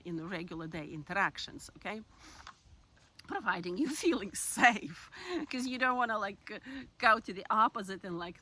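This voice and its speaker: Bright-voiced woman giving candid advice. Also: mid-range voice, slight background noise. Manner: candid and reflective, with frequent laughs. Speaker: self-help speaker. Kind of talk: casual advice monologue.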